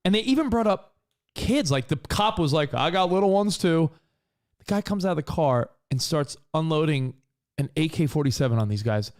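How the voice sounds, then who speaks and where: A man co-hosting a casual talk show, telling stories in an earnest, animated way. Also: fairly high pitch, moderate pace. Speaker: co-host. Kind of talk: casual radio-podcast banter.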